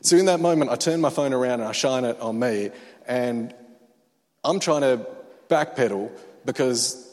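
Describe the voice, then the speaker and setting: A man with an Australian accent, a pastor preaching a sermon and telling a personal story, starting quiet and reflective, then telling it with rising energy. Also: medium pitch, normal speed, big-room sound. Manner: quiet and reflective, growing loud and excited as the story builds.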